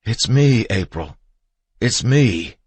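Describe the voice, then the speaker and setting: Frantic young husband, voiced by a male narrator, pleading, shouting, raised voice, audiobook. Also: on the low side, expressive, slow, husky, no echo, voice pushed up, exaggerated voice. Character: frantic young husband searching for his wife.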